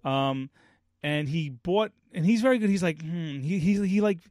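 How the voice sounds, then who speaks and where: A man's voice: a little high, normal speed, darkish tone, dry recording, clean studio sound. A man co-hosting a casual podcast, telling family stories and acting out little scenes as he goes. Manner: storytelling, acts out family scenes with voices. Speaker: podcast co-host. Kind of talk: casual chat.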